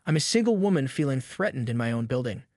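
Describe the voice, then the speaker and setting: A man's voice: medium pitch, lively intonation, fast, a little mellow, no room sound, clean studio sound, natural voice. A man voicing a pushy, entitled woman neighbor who talks in a theatrical, demanding way in a storybook reading. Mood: indignant.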